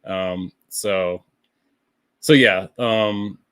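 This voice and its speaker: A man speaking as a podcast guest, relaxed and thoughtful, with plenty of "like" and "you know". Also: sits low, extremely slow, clean tone, no echo. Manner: relaxed, thoughtful, many fillers. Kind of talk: casual chat.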